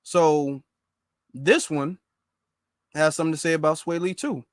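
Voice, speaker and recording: Emphatic high-voiced man giving commentary. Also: fairly even intonation, unhurried, dry recording, clean studio sound. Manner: emphatic, repeats his points, talks straight to viewers. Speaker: commentary channel host. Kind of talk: political commentary, reacting to clips and posts.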